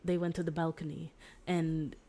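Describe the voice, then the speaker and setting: Young woman streamer rambling thru a story, kinda low voice, says like a lot, giggly. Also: moderate pace, slight background noise. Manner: rambling, full of "like" and restarts; giggly, excitable. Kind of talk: casual chat retelling a story. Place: home streaming setup.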